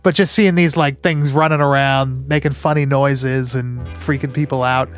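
A man's voice: mid-range voice, steady tone, moderate pace, soft background music. A man co-hosting a casual podcast chat about movies, laid-back and swearing freely with lots of fillers. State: hiccups. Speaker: podcast co-host.

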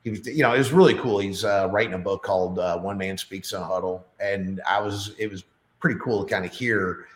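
A man's voice: low-pitched, brisk, reverberant. A middle-aged man, a podcast guest, chatting casually and telling stories with lots of fillers. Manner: chatty storyteller with many fillers. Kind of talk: casual chat.

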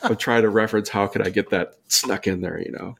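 A man's voice: lowish voice, fairly quick, creaky. A man from California, a podcast guest who jokes around and pokes fun at himself. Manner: joking, self-deprecating, lively. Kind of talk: casual chat.

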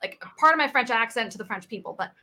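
A woman's voice: on the high side, fast. A woman in her thirties, a sales coach telling stories in a podcast interview. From United States. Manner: animated, acts out quoted people in her stories. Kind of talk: conversational interview storytelling.

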